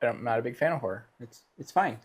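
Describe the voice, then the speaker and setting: A man's voice: medium pitch, lively intonation, fast talker, husky. A man teaching a live painting lesson, explaining steps and joking playfully with his co-host. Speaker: painting instructor.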